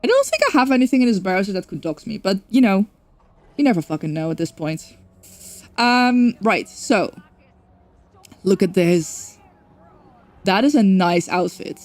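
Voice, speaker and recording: A woman's voice: medium pitch, animated, unhurried, long pauses, a little mellow. A young woman streaming a game, chatting casually and rambling, correcting herself and swearing now and then. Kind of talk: casual livestream chat.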